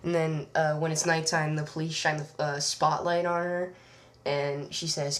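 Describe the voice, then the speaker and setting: A woman's voice: low voice, level tone, unhurried. A woman reviewing a comic book, recapping the plot in a rambling way with lots of fillers. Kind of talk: casual review vlog.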